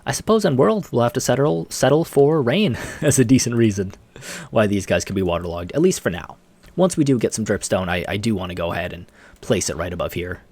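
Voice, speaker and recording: A man's voice: on the low side, expressive, a little fast, darkish tone, husky, no room sound. A man giving casual, rambling commentary over his own gameplay, laughing often. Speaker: let's play host.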